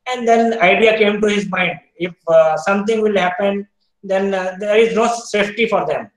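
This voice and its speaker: A man with an Indian English accent giving an online university lecture, explaining step by step, quizzing students, often pausing with "uh". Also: sits high, reverberant, low-quality recording. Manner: explains step by step, asks students questions, frequent "uh" fillers.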